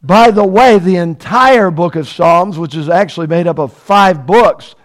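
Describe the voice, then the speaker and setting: A man's voice: high-pitched, a little slow, hardly any pauses. A man preaching a sermon, emphatic and repetitive, often asking the congregation questions. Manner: emphatic, repeats key phrases, asks the congregation questions.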